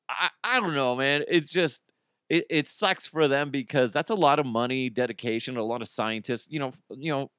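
A man's voice: medium pitch, moderate pace, long pauses, a bit bright, clean tone, no echo, studio quality. A middle-aged man hosting a casual news podcast, slightly under the weather, rambling, joking and swearing freely. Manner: rambling, jokey, swears freely, laughs at his own jokes. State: slightly sick. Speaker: podcast host.

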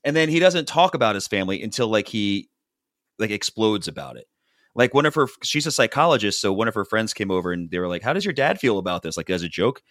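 Low-voiced man animatedly recapping reality TV. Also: fast, no echo, studio quality. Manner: animated storytelling, acts out quotes from the show. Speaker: podcast host recapping reality TV. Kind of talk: casual chat.

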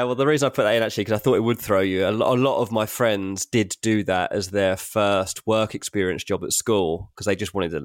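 A man's voice: deep voice, dry recording, clean studio sound. A young British man co-hosting a podcast, telling self-mocking stories in a chatty, matey way. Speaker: podcast co-host. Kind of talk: casual chat.

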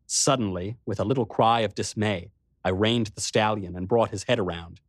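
A man reading a first-person adventure story aloud with expressive storytelling. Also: lowish voice, moderate pace, no room sound, clean studio sound. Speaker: narrator. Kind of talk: first-person audiobook narration.

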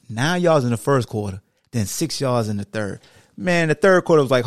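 A man hosting a sports podcast, recapping a football game in an animated, slangy rant that swings between shouting and muttering. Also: mid-range voice, unhurried, pauses often, no echo.

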